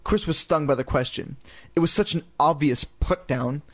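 A man's voice: a little high, moderate pace. A man reading a children's story aloud in a casual, irreverent way, throwing in crude ad-libs. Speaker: reader.

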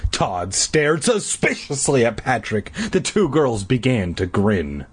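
A man reads a children's book aloud in a casual, irreverent way. His voice is husky, with a lively, wide-ranging pitch. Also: takes it slowly, hardly any pauses. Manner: irreverent, swears, sighs between chapters. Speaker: reader. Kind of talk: casual storybook read-aloud.

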